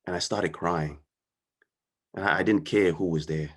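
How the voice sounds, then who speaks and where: A man with a fairly low voice gives a personal storytelling talk. He speaks earnestly and conversationally, often pausing to check in with his listeners as he goes. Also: fairly even intonation, a bit bright. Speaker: guest speaker.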